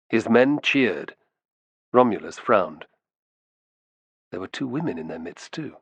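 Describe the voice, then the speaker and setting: A man narrating a historical novel in an expressive storytelling style. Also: on the low side, a little slow, long pauses, slightly rough, dry recording, lo-fi sound. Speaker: audiobook narrator. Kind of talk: scripted narration.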